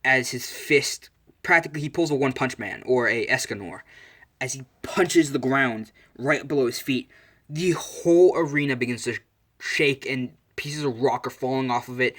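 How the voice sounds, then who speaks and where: A man's voice: mid-range voice, fairly bright tone. A man telling an improvised fan-fiction story, rambling with fillers and self-corrections.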